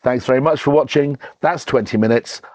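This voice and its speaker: A man's voice: mid-range voice, fairly quick, a little mellow, dry recording. Chatty man tasting wine. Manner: chatty and enthusiastic, with frequent ums and restarts. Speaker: wine reviewer and show host. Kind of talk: casual wine tasting chat.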